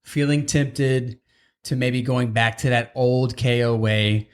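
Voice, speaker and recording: Male podcast host, casual chat, rambling and digressive, average pitch. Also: flat delivery, slow pace. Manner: rambling, digressive, restarts often.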